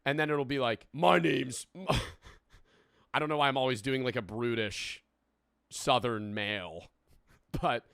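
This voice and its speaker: A man in his twenties reacts to a video in casual commentary, rambling, swearing, and tossing in laughing asides. His mid-range voice is fairly bright, clear, and resonant, spoken at normal speed in a dry, studio-quality recording.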